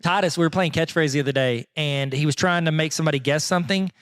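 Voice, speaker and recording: A man's voice: a little high, quick pace, fairly bright tone, smooth, dry recording, studio quality. A man co-hosting a podcast in casual chat, teasing and telling stories. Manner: playful, teasing banter. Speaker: podcast co-host.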